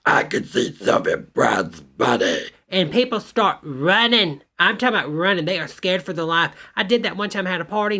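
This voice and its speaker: A sassy woman hosts a live reaction stream, exclaiming and chatting straight to her viewers. Her voice is bright and forward, at a middle pitch, and she calls everyone honey. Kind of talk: casual live commentary.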